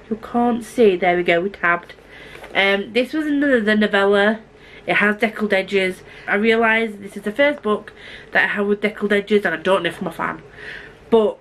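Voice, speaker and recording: A woman talking quickly and chattily as a book vlogger, gushing in a casual review with asides and restarts. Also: mid-range voice, a bit bright, slight background noise, low-quality recording.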